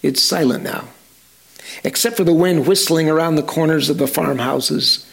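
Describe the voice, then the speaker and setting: A man telling a story in a sermon, slowly and dramatically, speaking directly to his listeners. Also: on the high side, vocal fry, fairly bright tone. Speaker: storyteller preacher.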